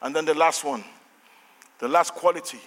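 An older man with a Nigerian accent, a pastor preaching a fervent sermon with shouted refrains and call-and-response, in a church hall with long reverb. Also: on the high side, moderate pace.

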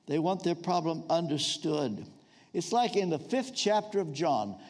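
An older man preaching a sermon, telling stories and dropping his voice to act out the quotes. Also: a little mellow. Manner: storytelling, acts out quotes in lowered voice.

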